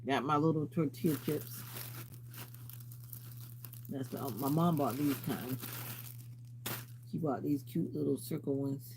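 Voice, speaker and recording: A man's voice: a little high, steady tone, measured pace, long pauses, a little mellow, a little hiss or hum. A congested, sleepy man chatting casually with viewers on his livestream, rambling as he snacks. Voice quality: stuffy, congested. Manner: rambling, talks while snacking and reading chat. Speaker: livestream host.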